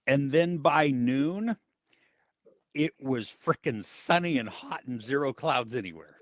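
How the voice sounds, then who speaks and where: Lively, laughing stream co-host man. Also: mid-range voice, measured pace, dry recording, clean studio sound. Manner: animated, laughs often, reads chat names. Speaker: co-host of a movie chat stream. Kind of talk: casual live-stream chat.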